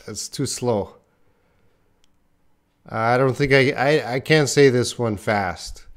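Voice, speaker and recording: Slow-talking playful male English teacher. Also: medium pitch. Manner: playful, laughs at his own tongue-twister slips; chats with viewers reading their comments. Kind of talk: live online English lesson.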